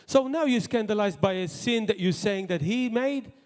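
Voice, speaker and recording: A man preaching a sermon as pastor, in impassioned bursts that drop to quiet asides. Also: high-pitched, moderate pace. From Malta. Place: church hall. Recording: long hall reverb.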